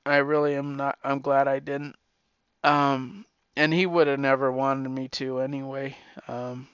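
Halting, emotional man, slow-spoken. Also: medium pitch, fairly bright tone, smooth, no room sound, dull audio. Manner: halting, repeats words, tearful at times. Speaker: podcaster. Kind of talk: emotional heartfelt message.

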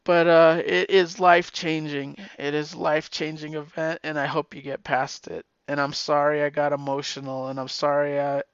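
A middle-aged man and podcaster giving a heartfelt, emotional message, halting and repeating his words, tearful at times. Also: fairly high pitch, flat delivery, clear, resonant tone, dry recording, lo-fi sound.

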